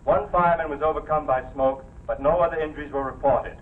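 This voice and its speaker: An actor playing a radio newscaster reading local news in an even, formal way, heard from a radio set. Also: male voice, a little high, fast talker, heavy background noise, close to an everyday voice. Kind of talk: 1940s TV drama acting. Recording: tinny distant radio broadcast sound.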